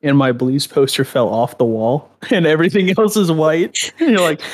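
A man's voice: on the high side, moderate pace, dry recording. A young American man co-hosting a podcast, making wry, laid-back quips in casual chat. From United States. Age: young adult. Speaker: podcast co-host.

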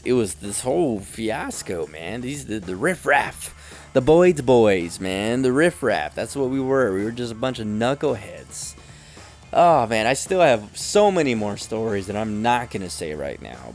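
Guy rambling through a work story, does little voices for people, kinda animated, some faint music in the back. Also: mid-range voice, creaky. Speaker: business owner telling work stories. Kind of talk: casual storytelling monologue.

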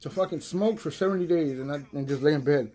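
A young man hosting a casual stoner podcast, high, rambling and profane, laughing often. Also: fast talker, mellow, soft background music. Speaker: podcast host.

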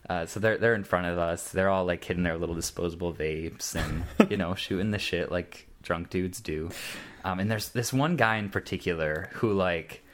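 Very deep-voiced man rambling casually. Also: normal speed. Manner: rambling, many fillers and restarts. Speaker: storyteller. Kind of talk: casual podcast chat. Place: podcast setup, in from Grand Rapids.

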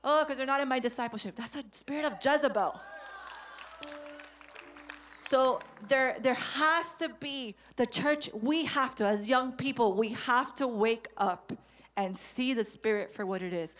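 A woman in her thirties preaching a sermon to young people, animated and emphatic. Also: a little high, a little slow, a faint crowd. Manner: animated, acts out quotes, rising to emphatic declarations. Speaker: youth preacher.

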